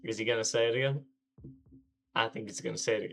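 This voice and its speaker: A man's voice: mid-range voice, fairly even intonation, quick pace, creaky, pauses often, fairly bright tone. A male streamer pokes fun at the game he is playing, sarcastic and mock-dramatic. He has a middling voice in casual let's-play chatter.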